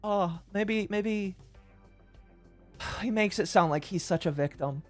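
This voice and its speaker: A woman's voice: mid-range voice, slow, long pauses, faint music behind. A woman from the United States streaming reaction commentary in a brash, crude, mocking way, swearing often.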